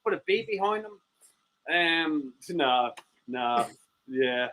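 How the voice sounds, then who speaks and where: A man's voice: fairly high pitch, animated, slow pace, pushed and bright, a little hiss or hum, rough recording. A man co-hosting a live stream show, joking and rambling with lots of swearing and laughter. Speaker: co-host.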